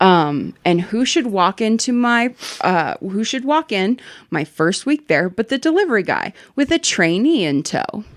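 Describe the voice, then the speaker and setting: A woman reading a story aloud in an animated, casual way. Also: medium pitch, measured pace, no room sound. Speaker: story reader.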